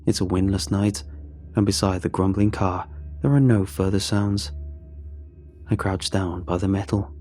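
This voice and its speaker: A man reading a horror story aloud in a measured, hushed storyteller's manner. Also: low voice, flat delivery, soft background music. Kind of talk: scripted horror narration.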